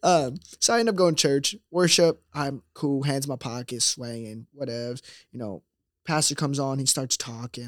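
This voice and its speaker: A young man telling a personal story in a casual, animated way, acting out voices and laughing often. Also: medium pitch, moderate pace, dry recording, studio quality. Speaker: guest telling his story.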